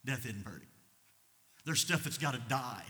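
A middle-aged American man preaching a sermon as pastor, swinging between loud fervent passages and quiet low asides. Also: lively intonation, normal speed. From United States. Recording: long reverb of a large hall.

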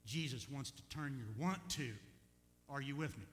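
An older man preaching a sermon as pastor, telling a personal story with animated swings from quiet asides to loud, emphatic peaks. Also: medium pitch, normal speed. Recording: echoey hall with faint hum.

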